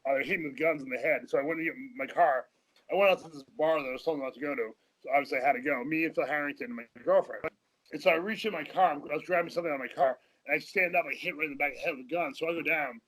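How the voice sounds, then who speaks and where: A man's voice: on the high side, fairly bright tone, low-quality recording. A man telling rambling, profane stories as a guest in a casual interview, often laughing mid-sentence. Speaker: podcast guest.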